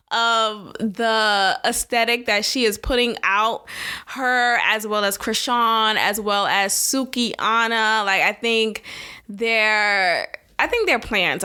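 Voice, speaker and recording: Bright, blunt woman commentator. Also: on the high side, smooth. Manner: blunt, frank and laughing. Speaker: video commentary host. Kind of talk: casual opinion commentary.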